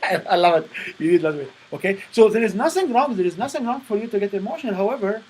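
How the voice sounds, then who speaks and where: Man coaching with halting non-native phrasing. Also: sits high, lively intonation, husky, poor audio. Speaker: presentation coach. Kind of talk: coaching session.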